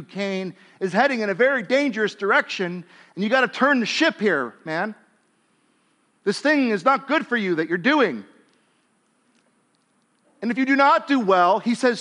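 A man with a fairly high voice delivers a sermon like he is talking with friends. He drops to near hushes and then rises to emphatic lines, and he slips into casual speech to act out the biblical figures. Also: expressive, moderate pace. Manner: conversational, swings between hushed and emphatic. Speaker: pastor.

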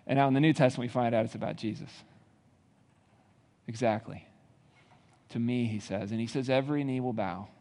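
A male pastor with a mid-pitched, darkish-toned voice preaches a sermon that builds to emphatic rhetorical questions. A long reverb follows his words, as though he stands in a large hall.

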